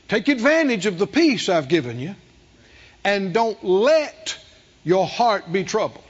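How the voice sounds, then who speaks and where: High, lively-voiced male preacher in a hall. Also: unhurried. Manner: emphatic, rhetorical questions, calls on the congregation. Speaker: pastor. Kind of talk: sermon. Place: church hall with a congregation. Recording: dull recording with long hall reverb.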